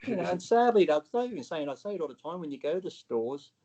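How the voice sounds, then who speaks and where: A man's voice: a little high, sing-song, fast talker, dark tone, lo-fi sound. A man talking as an interview guest in a casual, blunt way, swearing freely and acting out what other people say.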